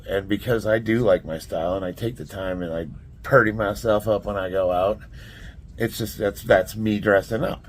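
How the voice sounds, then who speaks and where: Blunt plainspoken man, deep voice, casual motivational vlog delivery. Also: a little hiss or hum. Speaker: strength athlete giving life advice. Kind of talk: casual motivational talk to camera.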